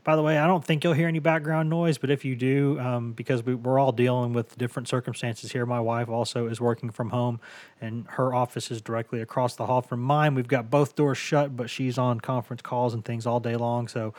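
A hoarse man hosts a casual sports podcast from his home office, rambling along with stammering restarts. His voice sits at a middling pitch and sounds dry and close to the mic. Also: level tone, fairly quick, a little mellow, dry recording. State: hoarse from bronchitis. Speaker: podcast host.

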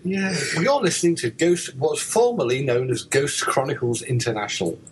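A man's voice: medium pitch, normal speed, noisy background. A man hosting a podcast in casual banter, playful and teasing with his co-hosts. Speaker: podcast host.

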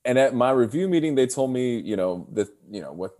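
A man in his thirties speaks a little fast in a medium-pitched voice as a podcast guest on a video call. In casual chat he tells animated stories, acting out the voices of the people he quotes.

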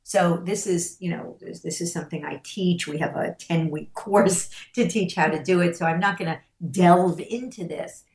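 A woman's voice: lowish voice, a little mellow. Emphatic storytelling woman in a roomy space. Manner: slow, emphatic, acts out the voices in her stories. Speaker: parenting and stress coach. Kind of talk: interview storytelling.

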